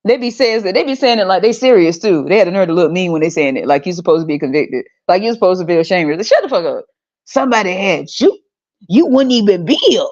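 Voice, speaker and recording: A woman's voice: fairly low pitch, lively intonation, quick pace, hardly any pauses, darkish tone. A woman hosting her own podcast, ranting in a blunt, profane and sarcastic way. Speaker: podcast host. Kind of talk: casual podcast rant. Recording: dull lo-fi recording.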